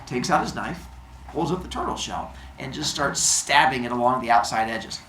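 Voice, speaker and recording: A man's voice: mid-range voice, animated, moderate pace, a bit bright, a little hiss or hum. A man hosting a show, retelling myths comically with goofy sound effects and silly noises. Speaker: storyteller host. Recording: roomy echo.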